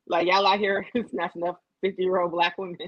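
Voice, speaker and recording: A woman's voice: fairly low pitch, flat delivery, a little fast, dry recording, muffled recording. A woman co-hosting a casual podcast, telling a gossip story with lots of profanity, quoted voices and laughter. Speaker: podcast co-host.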